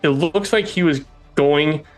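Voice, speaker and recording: A man narrating a tabletop game as game master, in a halting way with chuckles. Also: fairly high pitch, soft background music.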